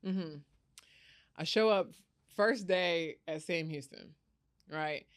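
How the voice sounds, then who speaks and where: A woman recounts a family story in a candid interview, slipping into the voices of the people she quotes. Her voice is smooth and resonant, heard close and dry with no room sound. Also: on the low side, takes it slowly, dry recording. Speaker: podcast guest, founder.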